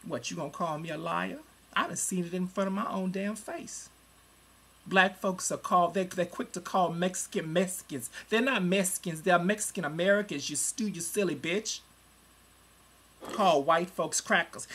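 Gravelly forty-something ranting into a computer. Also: normal speed. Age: 40s. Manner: profane and heated, swinging between loud outbursts and low muttering. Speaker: vlogger. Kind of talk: angry webcam rant. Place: at home in front of a computer.

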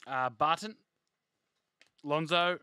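A man's voice: fairly high pitch, slow pace, bright, forceful tone, slight background noise. A young man hosting a live card break, reading off player names and chatting casually with viewers.

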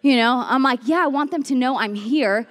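A young woman with a high, bright voice preaches in a lively, conversational way. She tells her story with energy and slips into different voices as she goes, talking to the congregation like friends. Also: moderate pace, long reverb tail, slight background noise. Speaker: speaker at a women's church series. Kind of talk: animated storytelling sermon.

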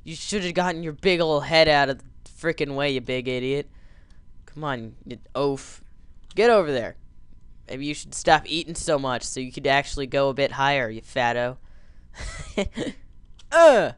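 A young man doing jokey let's play commentary, excitable and yelping and cheering as he plays. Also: on the high side, measured pace, pauses often, clear, resonant tone, no echo. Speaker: gameplay commentator.

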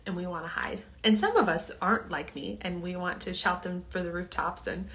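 A woman's voice: lowish voice, fairly quick, a bit bright. A woman hosting a casual storytelling monologue, chatty and earnest, sometimes dropping to a near-whisper. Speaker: host.

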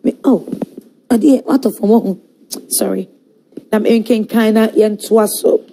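Lively woman hosting a talk show. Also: on the high side, unhurried, a little hiss or hum. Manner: animated, switching between Twi and English, laughing often. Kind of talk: live show, reading viewer comments.

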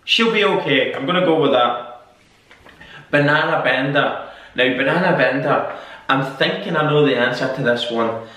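A man's voice: mid-range voice, moderate pace, pauses often, pushed and bright, distant mic. A Scottish man talks casually to camera, musing aloud and circling back over the same words while he thinks. He swears offhandedly now and then. He sounds a little way from the mic in a very echoey room. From Scotland. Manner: rambling, repeats phrases while musing aloud. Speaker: YouTube host. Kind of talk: casual solo vlog.

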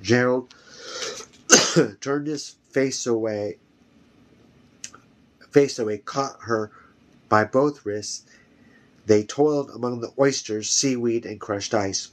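A man's voice: mid-range voice, fairly even intonation. A man reading a fantasy novel aloud, carefully, often restarting a phrase. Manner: slow, careful, with frequent restarts. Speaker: reader.

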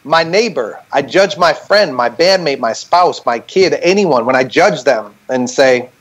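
A man's voice: a little high, animated, moderate pace, hardly any pauses, fairly bright tone. A man speaking as a podcast guest over a video call, telling a candid, reflective story and checking in with "right?" as he makes each point.

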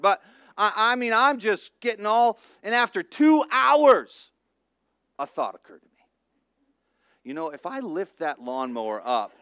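A middle-aged man, a pastor, preaching a sermon with lively storytelling that swings between hushed and loud. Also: fairly high pitch, dry recording. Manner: animated storytelling, acts out voices, swings from soft to loud.

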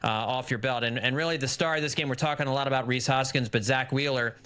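Bright-voiced man recapping baseball stats. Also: mid-range voice, fairly even intonation, fast, clear, resonant tone. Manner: rattles off stats, chuckles often. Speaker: podcast co-host. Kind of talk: casual sports podcast chat.

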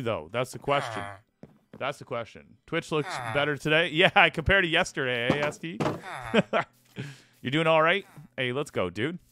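A man's voice: fairly high pitch, bright, forceful tone, dry recording. A man live-streaming a video game, chatting casually and playfully with his viewers. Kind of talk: live gaming stream chat.

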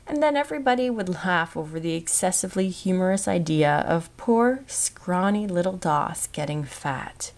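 A woman narrating a classic novel in a measured, expressive reading that dips into soft whispers. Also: fairly low pitch, vocal fry. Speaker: audiobook narrator. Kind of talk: scripted narration.

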